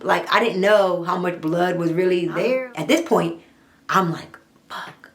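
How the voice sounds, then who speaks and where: A young adult woman, telling her own story in a blunt, profane, animated storytime monologue. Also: on the low side, normal speed, gravelly. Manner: blunt, profane, animated retelling with quoted dialogue.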